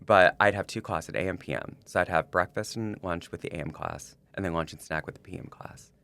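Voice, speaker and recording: Deep-voiced man telling a rambling story. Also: fairly quick, vocal fry, a bit bright. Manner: rambling, full of likes and restarts. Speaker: podcast co-host. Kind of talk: casual podcast chat, personal story.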